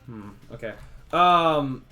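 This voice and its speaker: A man's voice: mid-range voice, lively intonation, takes it slowly, sharp tone, faint music behind. A young man streaming game development, thinking aloud casually as he tests values, trailing off and restarting his sentences. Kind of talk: casual livestream thinking aloud while coding.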